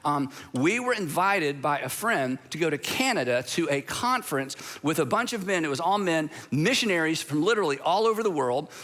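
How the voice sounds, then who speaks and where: A man's voice: a little high, lively intonation, normal speed, hardly any pauses, fairly bright tone. A man, preaching a sermon as a pastor, telling stories in a conversational way with asides.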